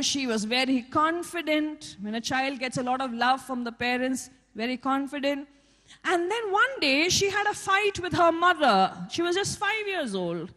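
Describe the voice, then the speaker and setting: Lady preacher, high voice, lively storytelling sermon, big echoey hall. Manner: animated storytelling with exclamations of praise. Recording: long hall reverb.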